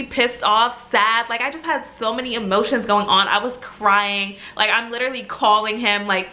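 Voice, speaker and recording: Casting: young woman, bright forward voice, chatty storytime vlogger, animated and casual. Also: fairly high pitch, slight background noise. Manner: chatty, animated, full of "like", laughs while telling.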